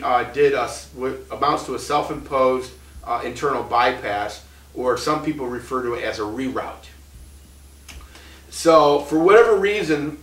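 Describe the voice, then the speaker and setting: A man's voice: medium pitch, fairly bright tone, echoey room, distant mic, poor audio. A man in his thirties telling his own story in a casual, rambling way, full of restarts and short laughs. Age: 30s.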